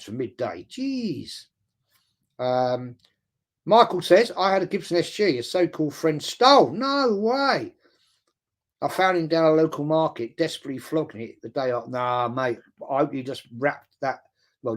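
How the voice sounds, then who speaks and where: An older man hosting a casual live chat, rambling bluntly, swearing casually and repeating words for emphasis. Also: a little high. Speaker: host. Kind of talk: casual live-stream chat reading viewer comments.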